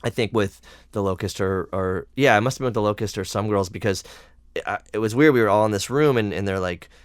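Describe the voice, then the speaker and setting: A man hosting a podcast, chatting casually and telling rambling, animated stories. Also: on the low side, fast talker, smooth, no echo, studio quality. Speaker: podcast host. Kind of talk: casual interview chat.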